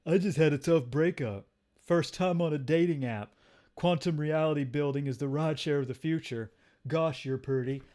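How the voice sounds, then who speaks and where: A man's voice: a little high, normal speed, a little mellow, close to an everyday voice. A man voicing a nervous, whiny young man on a date, pleading and panicky. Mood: awkward.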